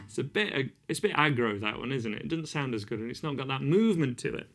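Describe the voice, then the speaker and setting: A man's voice: mid-range voice, lively intonation, quick pace. A man giving a casual guitar lesson, encouraging, counting beats aloud and singing snippets as he plays. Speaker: guitar teacher. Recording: loud guitar over the voice.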